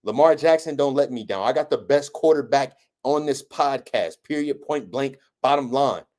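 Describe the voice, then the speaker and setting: A man's voice: medium pitch, moderate pace, a little mellow. A young man hosting a podcast, boasting emphatically about his football team in a sports debate. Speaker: podcast host.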